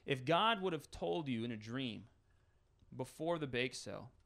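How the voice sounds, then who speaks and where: A man's voice: medium pitch, expressive, normal speed, gravelly, a bit bright. A man preaching a conversational sermon as pastor, building scenarios with rising intensity.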